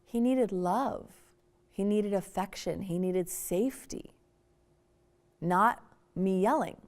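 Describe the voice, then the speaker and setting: Animated woman leading a parenting workshop. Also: medium pitch. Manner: animated, conversational, acts out examples. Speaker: workshop speaker. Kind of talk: parenting workshop talk to an audience.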